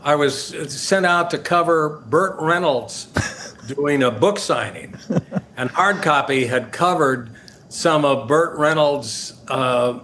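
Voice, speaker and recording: An older man, a guest, telling casual anecdotes, halting with fillers and laughing as he goes. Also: on the high side, fairly bright tone, a little hiss or hum. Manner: halting, many fillers, laughs through stories.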